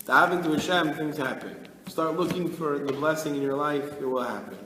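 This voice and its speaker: A rabbi giving an animated storytelling Torah class, acting out the people in his tale. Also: fairly high pitch, moderate pace, noisy background. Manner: animated storyteller, acts out characters. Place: study hall. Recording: echoey hall.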